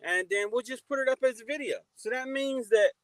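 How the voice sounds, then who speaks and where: A man's voice: very high voice, fairly quick, no room sound, poor audio. A man hosting a casual motivational livestream, greeting viewers by name and giving life advice. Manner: shouts out chat viewers warmly by name, preachy advice. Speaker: livestream host.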